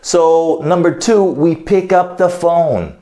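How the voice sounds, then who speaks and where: A man's voice: a little high, slow, warm tone. A man with an American accent teaching phrasal verbs in a video lesson. He explains each one, mixes in Portuguese, and acts out short phone calls. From United States. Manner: switches between English and Portuguese explanations. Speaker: English teacher.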